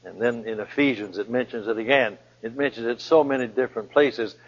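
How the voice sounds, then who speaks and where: A man preaching a sermon and reading scripture, repeating key phrases and slowing down to stress them. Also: mid-range voice. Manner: emphatic, repeats key phrases and slows down for emphasis. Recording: dull lo-fi recording in a reverberant hall.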